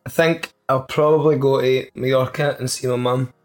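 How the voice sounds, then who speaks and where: A man's voice: mid-range voice, steady tone, normal speed, soft background music. A man with a Scottish accent, co-hosting a podcast in rambling casual chat full of fillers. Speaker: podcast co-host, band member.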